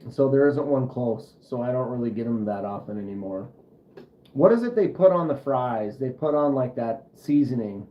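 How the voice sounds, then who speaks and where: A man's voice: mid-range voice, expressive, moderate pace, reverberant, dull audio. A man with a Minnesota accent hosting a casual livestream, rambling and chatting back to viewer comments. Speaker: knife channel livestream host.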